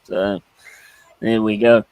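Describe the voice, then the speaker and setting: A man's voice: lowish voice, level tone, slow, darkish tone, no room sound, rough recording. Laid-back British man chatting on stream. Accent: British English. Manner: laid-back, swears, laughs often, reads chat aloud. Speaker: streamer host. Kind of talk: casual live-stream chat. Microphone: streaming mic.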